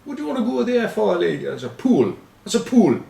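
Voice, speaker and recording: A chummy bloke, insistent and incredulous, his voice pitched up high, as a man puts him on. He wheedles and pleads in a roomy space, heard from a little way off the mic. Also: very animated, fairly quick, vocal fry, warm tone, heavily acted. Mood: pleading. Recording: roomy, from a distance.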